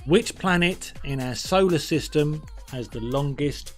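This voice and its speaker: Guy hosting a stream quiz, chatty and jokey, kinda high voice, faint music behind. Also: a little slow. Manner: chatty, jokey, lists viewers' answers by name. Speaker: quiz host. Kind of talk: live-streamed quiz hosting, reading chat answers.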